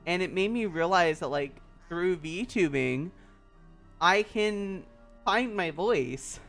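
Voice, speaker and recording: A woman from the Southern United States, a VTuber talking on her stream in an earnest, halting, rambling way. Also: fairly low pitch, lively intonation, faint music behind. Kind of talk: casual personal stream talk.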